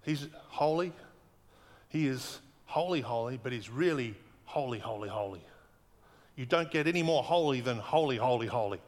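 A man preaching a sermon earnestly, slowing down and repeating words for emphasis. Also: a little high, in a large hall. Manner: earnest, emphatic repetition, slows for weight.

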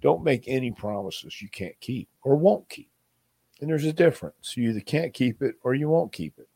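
A man's voice: medium pitch, lively intonation, moderate pace, gravelly, mellow, husky, dry recording. Dry-sounding man telling rambling stories. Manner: rambling, acts out quotes, many restarts. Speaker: interview guest. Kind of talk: casual storytelling interview.

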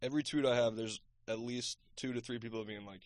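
Man, podcast guest, mid-pitched, mock-earnest, self-deprecating banter. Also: steady tone, a little fast.

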